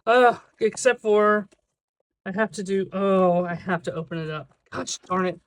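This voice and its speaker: A budgeting video creator in a casual vlog, talking to themself while counting cash aloud, sometimes slipping into a drawn-out sing-song cadence. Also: medium pitch. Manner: chatty self-talk, counting money aloud.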